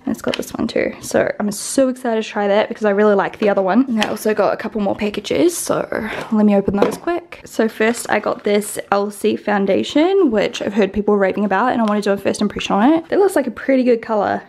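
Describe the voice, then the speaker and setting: A young New Zealand beauty vlogger chats casually at home, rambling with lots of "like" and "um" and a slight lisp. Her mid-range voice is fast, gravelly, and a little mellow with few pauses, and there's slight background noise.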